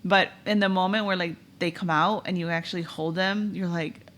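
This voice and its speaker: A young woman co-hosting a podcast, talking softly and reflectively in casual chat. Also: lowish voice, fairly even intonation, normal speed, slight background noise. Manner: soft, reflective, laughs often. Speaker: podcast co-host, new mother. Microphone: podcast microphone.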